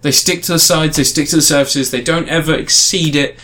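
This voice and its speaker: A man's voice: a little high, brisk. A man in casual podcast chat, reviewing a game in a rambling way with frequent restarts. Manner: rambling, restarts often, animated emphasis.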